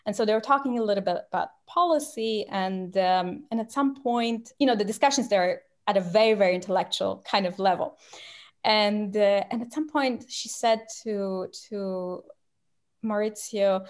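A woman from Romania, a guest in a conversational interview, telling anecdotes with lively restarts and fillers. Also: mid-range voice, moderate pace. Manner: animated storytelling, frequent restarts and fillers.

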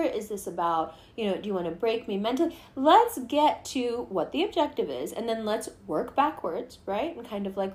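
A woman hosting a casual chat, animated and swearing freely as she acts out what people say. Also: fairly high pitch.

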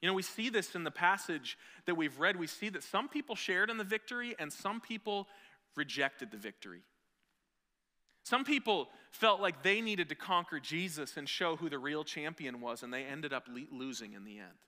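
A man preaching a sermon as pastor, animated, with jokey asides and acted-out scenes. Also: fairly high pitch, normal speed. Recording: long hall reverb.

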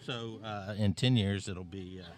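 Low-voiced joking male podcast host. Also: fairly even intonation, measured pace. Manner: jokey, upbeat interviewer. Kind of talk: casual interview at a vendor fair.

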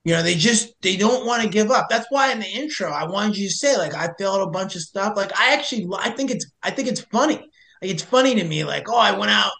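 A man's voice: high voice, fairly quick, roomy sound. A young man casually telling a hiking rescue story, acting out both sides of the conversation. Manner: animated, acts out both sides of dialogue. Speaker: podcast guest, search and rescue hiker.

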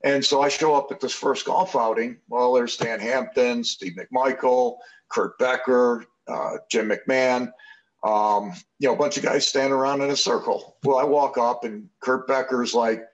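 An older man in his sixties sits in as a podcast guest and spins loose, rambling anecdotes, circling back with fillers and restarts. His mid-pitched voice comes through a slightly dull, lo-fi recording. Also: fairly even intonation, normal speed. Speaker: podcast guest, former football player. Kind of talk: casual storytelling interview.

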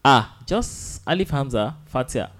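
A man teaching an Arabic lesson, drilling simple phrases slowly and patiently and asking students to repeat after him. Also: medium pitch, expressive, a bit bright. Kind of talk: online language lesson.

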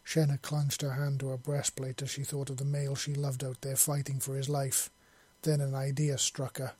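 Guy reading a sci-fi story, husky, flat and steady, dry sound. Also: medium pitch, normal speed, dry recording. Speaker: audiobook reader. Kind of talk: story narration.

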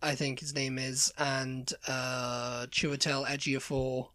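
A British man co-hosting a podcast in a casual chat, rambling with quick asides. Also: mid-range voice, flat delivery, sharp tone, no room sound. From Britain. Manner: chatty, rambling, drops quick asides and puts on voices. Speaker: podcast co-host.

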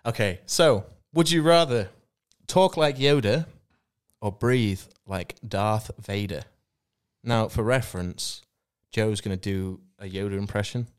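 A man's voice: lowish voice, a little slow, smooth. A man co-hosting a podcast, teasing and joking in casual chat, swearing freely and laughing often. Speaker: podcast co-host.

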